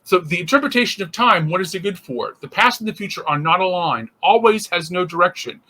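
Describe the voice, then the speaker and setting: A man with a fairly high, bright, sharp-edged voice gives a casual spiritual teaching as an interfaith minister. He thinks aloud, restarts his sentences, and slips into little acted-out inner voices. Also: animated, a little fast.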